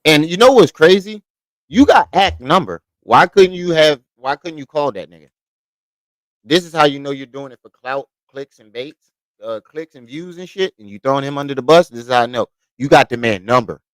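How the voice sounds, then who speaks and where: A man's voice: on the high side, animated, moderate pace, a bit bright, dry recording, low-quality recording. A man giving heated reaction commentary, scolding and mocking the person in the clip and repeating his points. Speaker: commentary host reacting to clips.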